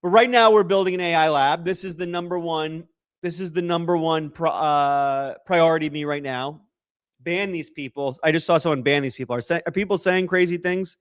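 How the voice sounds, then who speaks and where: A man's voice: fairly high pitch, fairly quick, smooth. A young man hosting a casual livestream, joking and rambling as he reacts to chat messages and donations. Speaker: livestream host.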